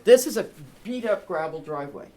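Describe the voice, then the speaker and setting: A woman's voice: lowish voice, lively intonation, a little fast, mellow. Chatty, emphatic woman giving staging tips. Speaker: realtor giving a staging seminar. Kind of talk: presentation to an audience.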